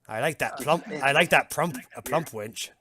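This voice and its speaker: A man's voice: mid-range voice, moderate pace, sharp tone, natural voice. A man voicing a grumbling, hard-up townsman who mutters his complaints. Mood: relieved. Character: grumbling man with fat fingers selling rings.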